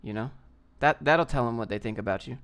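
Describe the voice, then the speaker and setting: A man's voice: mid-range voice, brisk, fairly bright tone, smooth. A young man hosting a casual livestream, ranting in a brash, slangy way and reading out viewer comments. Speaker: livestream host.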